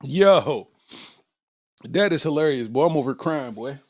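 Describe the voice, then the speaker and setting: Laughing man ranting with lively pitch. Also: unhurried, no echo, studio quality. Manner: loud laughing, slangy, freestyles a rap at the end. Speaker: podcast host. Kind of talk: comedic rant.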